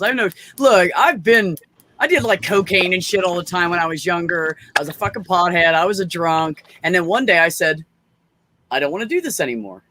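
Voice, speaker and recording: A man's voice: high-pitched, bright, forceful tone, slight background noise. A man in casual chat, telling stories bluntly with plenty of swearing. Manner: blunt, profane storyteller.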